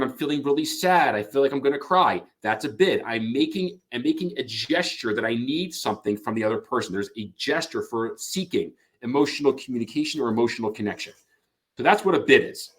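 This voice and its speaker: A man teaches in an animated, explanatory way, his voice sitting a little high and swinging widely in pitch. He speaks as a couples therapist and acts out short example exchanges as he goes. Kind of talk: explanatory lecture.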